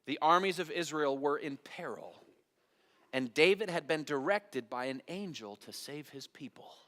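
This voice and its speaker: Pastor with lively, dramatic delivery. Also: male voice, a little high, normal speed. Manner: dramatic storytelling, acting out biblical voices, asking the congregation questions. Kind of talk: sermon. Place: church sanctuary. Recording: long hall reverb of a church.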